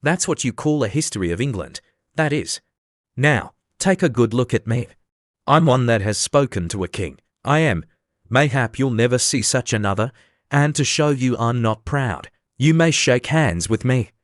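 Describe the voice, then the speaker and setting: A haughty, touchy egg man, voiced by a man reading an audiobook. He lectures and quibbles in a self-important way, at a middle pitch. The sound is dry and close, with no room around it. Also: animated, no echo, natural voice. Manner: haughty, argumentative and quick to take offence.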